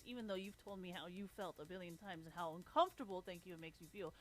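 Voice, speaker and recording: A woman's voice: lowish voice, a little fast, soft background music. A young adult woman streamer ranting casually and bluntly, swearing heavily and laughing often. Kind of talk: casual profane rant.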